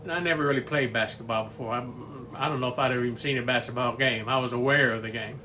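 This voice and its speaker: A man's voice: medium pitch, quick pace, sharp tone, slight background noise. A man in his sixties hosting a home cooking video from his kitchen, a folksy, rambling storyteller who chuckles often. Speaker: home cooking channel host. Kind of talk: casual cooking video chat.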